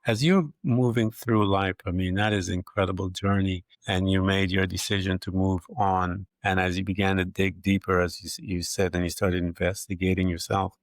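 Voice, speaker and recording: A man hosting a conversational interview, asking questions in a measured, reflective way with filler phrases. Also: low voice, fairly even intonation, no echo, clean studio sound. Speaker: host.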